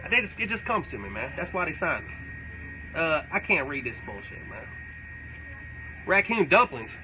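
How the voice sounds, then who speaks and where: A man's voice: a little high, big pitch swings, a little slow, long pauses, background noise. A man playing a crude, boastful redneck character who rambles through tall tales and swears constantly during a comedic livestream Q&A. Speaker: comedic character answering fan questions.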